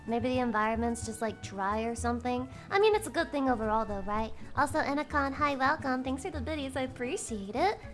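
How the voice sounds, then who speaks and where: A woman streamer chatting with her live audience, loud and excitable, swearing often and breaking into shrieks, her voice strained and cracking. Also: high voice, fairly quick, hardly any pauses, soft background music. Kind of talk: casual chat with a live audience.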